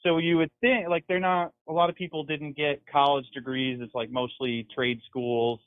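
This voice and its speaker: A man's voice: fairly high pitch, level tone, normal speed. A man calling in to a talk show, chatty and filling his talk with "like". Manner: chatty, uses "like" a lot. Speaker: caller. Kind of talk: casual phone call. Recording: phone line.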